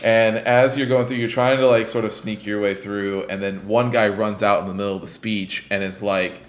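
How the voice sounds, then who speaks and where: A man with a lowish voice co-hosts a casual gaming podcast, retelling scenes with animated energy and loose swearing. His voice sits in a roomy, echoing space. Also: fairly quick. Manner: animated storytelling, acts out game characters, swears freely. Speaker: podcast co-host. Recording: roomy echo.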